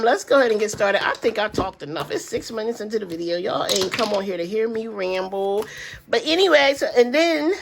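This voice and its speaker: A woman's voice: mid-range voice, creaky, slight background noise. Chatty grandmother vlogger, easygoing. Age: older. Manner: chatty, rambling, addresses viewers as y'all. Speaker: budgeting vlogger. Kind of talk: casual chat to viewers.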